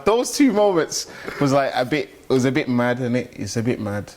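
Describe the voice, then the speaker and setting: Animated young man telling stories. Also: moderate pace, hardly any pauses. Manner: animated storyteller, jumps high when quoting people. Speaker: rapper guest. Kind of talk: casual interview chat.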